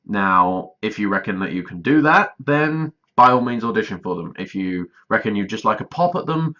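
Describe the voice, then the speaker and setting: A man talks through a casual vlog update, rambling and self-deprecating, often stalling mid-sentence. His voice sits a bit low but has a bright, forceful edge. The audio is dull and lo-fi. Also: lively intonation, normal speed. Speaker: YouTuber directing a voiced let's play.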